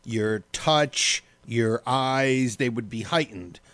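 A man's voice: mid-range voice, slow pace, a bit bright, dry recording. A man hosting a radio show, trading wisecracks in casual banter. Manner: wisecracking, teasing.

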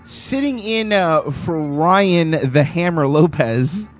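A man's voice: a little high, slow. A man hosting a live comedy podcast, joking around with his co-hosts and laughing often. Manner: laughs often, animated and incredulous. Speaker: podcast host. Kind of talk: casual live podcast banter.

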